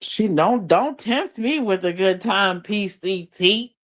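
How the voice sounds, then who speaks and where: Her voice is medium-pitched, slow and a little bright. Tucked under blankets in bed, she live-streams on her phone, chatting loosely in slang, reading comments aloud and laughing frequently.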